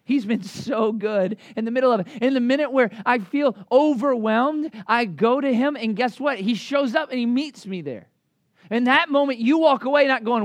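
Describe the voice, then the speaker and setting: High-voiced man preaching conversationally. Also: normal speed, dry recording. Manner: conversational, lively, with many fillers and asides. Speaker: pastor. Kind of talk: sermon.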